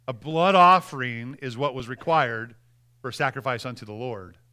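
A man's voice: medium pitch, moderate pace, pushed and bright, smooth. A male pastor giving a conversational sermon and acting out quotes as he preaches.

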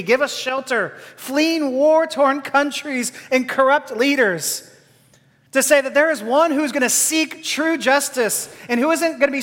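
A man's voice: very high voice, fairly bright tone. A man preaching a sermon in an earnest, impassioned way, building to emphatic declarations. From Texas. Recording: long hall reverb.

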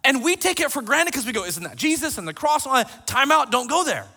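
High-voiced bright pastor preaching. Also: male voice, brisk, slightly rough. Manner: animated storytelling, quoting scripture. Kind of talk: sermon. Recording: long reverb of a large hall.

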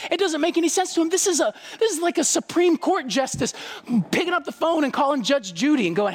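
A man's voice: extremely high pitch, lively intonation, a little fast. A man preaching a sermon as pastor, emphatic and full of rhetorical questions.

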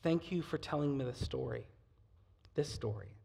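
A man's voice: medium pitch, normal speed, vocal fry, darkish tone, slightly rough. A man voicing an earnest, grateful Russian woman churchgoer who speaks with a heavy Russian accent.

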